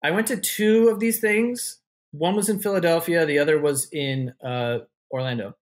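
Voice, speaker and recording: A man with a fairly high pitch speaks at normal speed while telling rambling stories as a podcast guest. The talk is casual interview storytelling, loose in manner, with frequent swearing and many "likes" and restarts.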